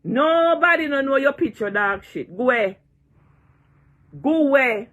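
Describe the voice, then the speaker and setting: A woman's voice: high-pitched, expressive, a little slow, fairly bright tone. A woman in her sixties with a Jamaican accent, ranting and taunting in a vlog, repeating her jeers and cursing freely. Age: 60s. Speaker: online personality.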